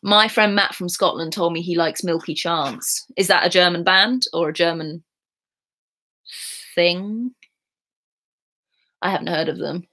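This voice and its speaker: A woman's voice: fairly low pitch, unhurried, long pauses, bright, forceful tone. A young English woman chatting casually on a live stream at home, reading out and answering viewers' questions with easy laughs. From England. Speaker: YouTuber answering chat questions. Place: at home in bed.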